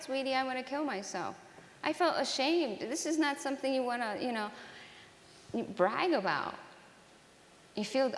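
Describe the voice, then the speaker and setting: A woman telling her own story to an audience in an earnest, halting way, often restarting her sentences. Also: fairly high pitch, a bit bright. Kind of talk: personal testimony talk to an audience. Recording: roomy hall with long reverb.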